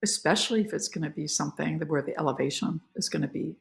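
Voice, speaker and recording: Low-voiced, animated woman telling stories. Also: quick pace, gravelly. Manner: animated, emotional, many fillers. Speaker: actress, podcast guest. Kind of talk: casual interview storytelling.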